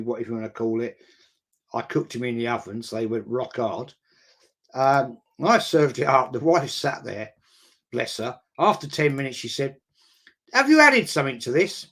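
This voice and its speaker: A middle-aged man, hosting a casual football chat and reading out viewer comments in a rambling, chatty way. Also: mid-range voice.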